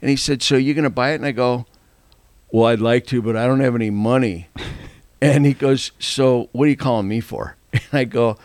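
An older man telling a long story in a casual, animated way, acting out the voices of the people he quotes and laughing often. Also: mid-range voice, brisk, no echo.

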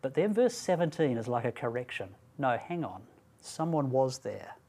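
A man with a medium-pitched, mellow, sing-song voice gives a Bible talk at a student training event, deliberate and emphatic in delivery and fond of rhetorical questions.

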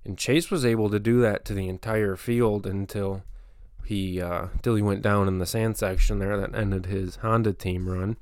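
A man talks on his own in a loose, conversational way, drifting between thoughts and filling pauses with small hesitations. His voice sits a little low and sounds smooth and clean. The recording is dry, with no room echo. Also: fairly even intonation, darkish tone. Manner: rambling, conversational, frequent fillers and restarts. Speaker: motocross channel host. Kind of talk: casual solo commentary.

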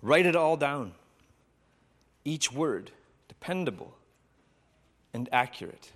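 Jesus as a tender, unhurried man, put on by a pastor telling the story. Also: a little high, animated, a bit bright, voice pushed up, full character voice. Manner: slow, tender, sweet. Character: Jesus, gentle man speaking sweetly.

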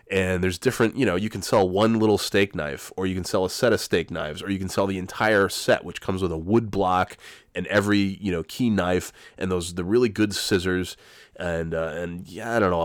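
Guy in his 40s with a cold, deep voice, rambling and swearing through a story, dry close sound. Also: dry recording. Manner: rambling, profane, self-correcting. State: has a cold. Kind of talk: casual storytelling monologue.

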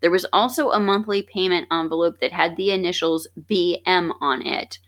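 A woman co-hosting a podcast, reading scripted true-crime narration in a steady, measured way. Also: on the low side. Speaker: podcast co-host.

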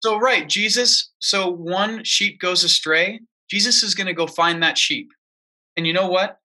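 A man's voice: sits high, a little slow, bright, forceful tone. A man co-hosting a casual political chat, ranting emphatically and repeating himself for emphasis. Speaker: podcast co-host.

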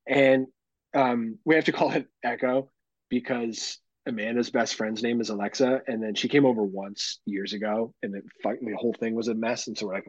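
A man's voice: mid-range voice, brisk, no room sound, highs cut off. A man hosting a podcast, chatting casually and animatedly, swearing freely and laughing often. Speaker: podcast host. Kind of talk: casual chat.

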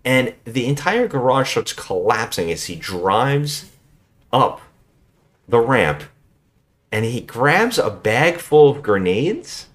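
A man's voice: mid-range voice, very animated, slow pace. A man co-hosting a podcast, recapping a bad movie in casual, jokey chat with plenty of swearing. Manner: swearing, jokey, acts out scenes in silly voices. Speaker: podcast co-host.

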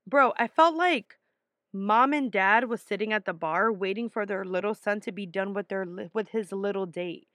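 A young woman tells a personal story in a casual, animated way, swearing freely and leaning hard on each point. Her voice sits at an ordinary middle pitch. The sound is dry and close, with no room around it. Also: dry recording. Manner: animated, profane, emphatic.

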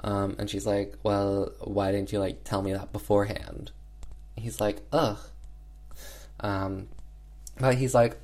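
A man's voice: on the low side, a little slow, a little mellow. Chatty man recapping a film. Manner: chatty, filler-heavy with frequent "um" and "like"; slangy, retells scenes by voicing characters offhandedly. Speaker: film reviewer.

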